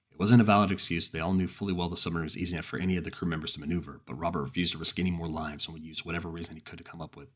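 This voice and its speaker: A man with a very deep voice tells a campfire horror story in the first person. His voice is husky and low, and he keeps a slow, grave pace. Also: fairly even intonation. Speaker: narrator.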